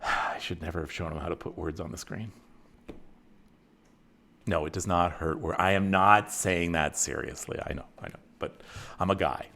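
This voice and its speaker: A man's voice: sits low, normal speed, long pauses. A middle-aged man, hosting a casual livestream chat with viewers, rambling and self-mocking. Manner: animated, rambling, self-mocking, with frequent restarts. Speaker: host.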